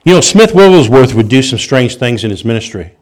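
A man preaching a sermon, telling stories with animated delivery, restarts and chuckles. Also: mid-range voice, brisk.

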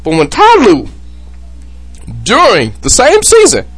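A man with a very high-pitched, breathy-edged voice speaks slowly over soft background music. Hosting a sports podcast with whiskey on hand, which he's drinking, he rants loosely and profanely in casual sports chat, animated and drifting into impressions of people.

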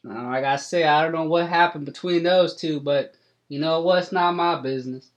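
A man voicing a crude, gossipy old farmer with a put-on Southern hillbilly drawl, loud and folksy, for a tabletop game. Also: a little high, moderate pace, muffled recording, pitched above the performer's own voice, lightly acted. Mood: rambling.

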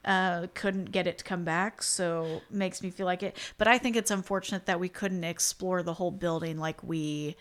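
A woman's voice: lowish voice, steady tone, moderate pace, few pauses. A woman co-hosting a podcast in casual chat, laughing often and acting out quoted dialogue. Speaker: podcast co-host.

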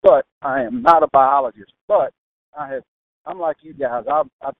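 A man from Louisiana with a Louisiana accent, a guest telling folksy hunting stories in an animated, drawling way. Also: medium pitch, moderate pace, no echo. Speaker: guest turkey hunter. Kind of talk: folksy storytelling. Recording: tinny phone-like sound.

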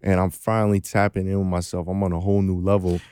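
A man's voice: deep voice, level tone, fast, mellow, clean tone, dry recording, clean studio sound. A man hosting a casual podcast conversation, talking in a laid-back, sympathetic, slangy way.

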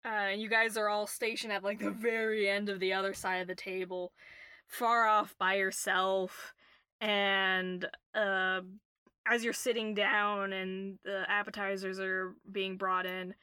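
A woman narrating a tabletop game as game master, relaxed and full of fillers. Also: medium pitch, measured pace, smooth, no echo. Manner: relaxed, filler-heavy, giggly.

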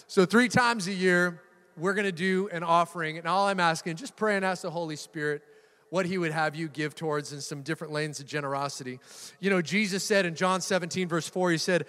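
A man's voice: high voice, brisk, big-room sound. A middle-aged male pastor preaching a sermon, telling stories with humor and sudden bursts of emphasis. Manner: lively storytelling with laughs and bursts of emphasis.

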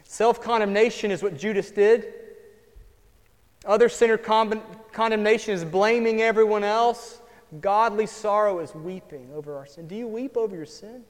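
Pastor guy preaching, pretty high voice, goes from hushed to punchy, long church echo. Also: normal speed. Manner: earnest, swings from hushed to emphatic. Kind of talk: sermon. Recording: long hall reverb.

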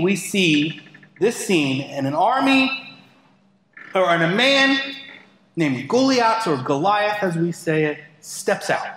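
A man's voice: sits high, bright, forceful tone. A man preaching a sermon as pastor, talking conversationally with playful asides. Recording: echoey hall with long reverb.

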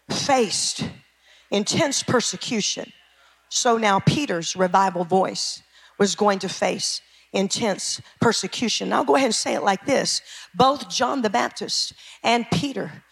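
A woman pastor preaching a fervent sermon, often shouting and calling out to her congregation. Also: medium pitch, gravelly. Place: church sanctuary.

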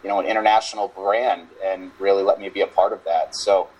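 A man's voice: sits low, fairly even intonation, brisk, a little mellow, poor audio. A man in his thirties, a strength coach and podcast guest, talking reflectively in a rambling, casual way over a video call. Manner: reflective, rambling, many "you know" fillers. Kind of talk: casual interview chat.

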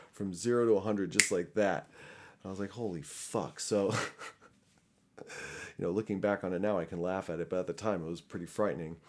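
A man's voice: on the low side, a little mellow. A young man telling a story casually and animatedly, full of fillers, restarts and swearing. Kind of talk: casual anecdote.

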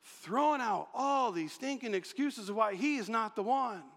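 A man preaching a sermon, animated and acting out quotes in changing voices. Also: very high-pitched, moderate pace. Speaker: pastor. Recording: long reverb of a large hall.

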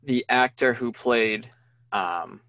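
Male co-host, 30s, mid-pitched, halting self-correcting chat, dry sound. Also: a bit bright, no echo, dull audio. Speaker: podcast co-host. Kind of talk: casual movie podcast chat.

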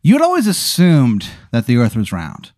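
Speaking at a moderate pace in a medium-pitched voice, a male podcast host rambles through an improvised comedy bit, telling it with animation and slipping into goofy put-on voices. The studio sound is clean with no echo.

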